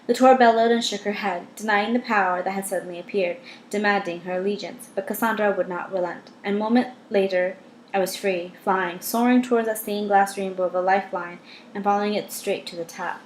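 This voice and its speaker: A woman reading a first-person novel aloud, measured with dramatic pauses and wry asides. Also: mid-range voice, steady tone, a little hiss or hum. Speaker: audiobook reader. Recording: roomy echo.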